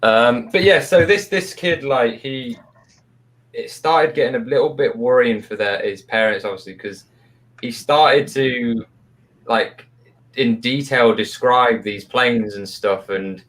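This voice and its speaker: A man's voice: medium pitch, a little slow, fairly bright tone. A man co-hosting a live paranormal chat show, telling a story in a rambling way with lots of fillers, on a video call. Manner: rambling, many fillers and restarts.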